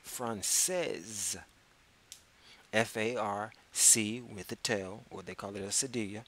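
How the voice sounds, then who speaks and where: A man with a somewhat low, bright voice leads a casual beginner French lesson. He talks at an unhurried pace, spells words out letter by letter and stretches out phrases for the listener to repeat. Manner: slow, spells words out letter by letter, drawn-out repetitions. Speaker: French teacher. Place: public access TV studio.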